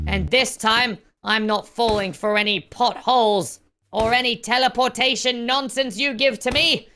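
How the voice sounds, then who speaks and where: A woman hosting a game video, commenting on gameplay with excited, exclamatory talk and frequent shouts. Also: a little high, moderate pace, faint music behind. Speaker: gaming channel host.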